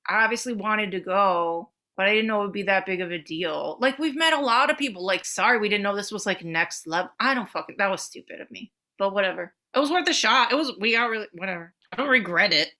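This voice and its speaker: Bright-voiced, swearing woman telling a story. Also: medium pitch, fast talker, few pauses. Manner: animated, swearing, acts out voices in anecdotes. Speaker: podcast co-host. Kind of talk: casual chat, storytelling.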